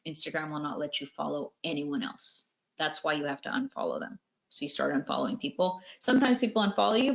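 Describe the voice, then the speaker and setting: Lower-voiced woman hosting a webinar. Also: gravelly. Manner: reads out viewer questions and answers them, repeating cautions. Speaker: webinar host teaching music marketing. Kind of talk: live online webinar teaching. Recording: dull lo-fi webinar audio.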